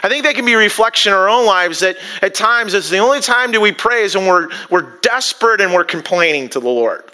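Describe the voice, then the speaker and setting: A man preaching a sermon, acting out quoted lines with animated rising emphasis. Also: sits high, fairly quick, hardly any pauses, smooth. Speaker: pastor.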